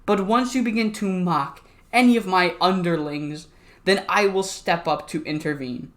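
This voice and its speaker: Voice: medium pitch, normal speed, fairly bright tone, close to an everyday voice. Pompous fake-royal wrestler, stiff mock-British king voice, goofy and grand, done by the channel host. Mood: haughty. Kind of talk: reading a made-up wrestling promo.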